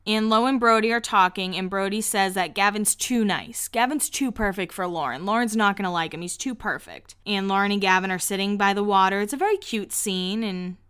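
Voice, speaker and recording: Chatty woman with a smooth voice. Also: medium pitch, fairly quick, few pauses, a bit bright. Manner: chatty, heavy use of 'like', laughs often. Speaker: podcast host. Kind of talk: casual episode recap.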